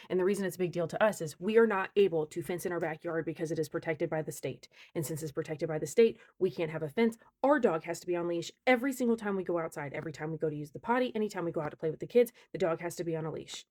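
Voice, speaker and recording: A woman vlogger telling a story in a loud, emphatic, exasperated way, venting directly to her viewers. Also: lowish voice, very fast, few pauses. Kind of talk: animated storytime rant.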